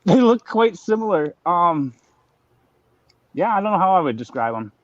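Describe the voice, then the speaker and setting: A man chatting casually on a live stream, rambling and repeating words, high and talking with a blunt in his mouth. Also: big pitch swings, normal speed, dry recording, muffled recording. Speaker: grower showing plants on a live stream.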